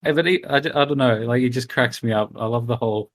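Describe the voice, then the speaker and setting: This man co-hosts a laid-back film podcast, speaking quickly in a mid-range voice. He sounds hesitant and often trails off with "I don't know."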